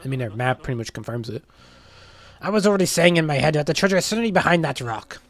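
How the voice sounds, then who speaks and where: A man's voice: fairly high pitch, animated, quick pace. A man voicing a pompous, dramatic male merchant with a grandiose, theatrical delivery while reading game dialogue. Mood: haughty.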